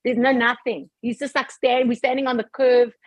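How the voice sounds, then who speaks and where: A woman on a group video call, telling a personal story in a casual, animated way, laughing often and acting out her own past thoughts. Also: on the high side, moderate pace, dry recording. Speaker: participant sharing a testimony on a group call.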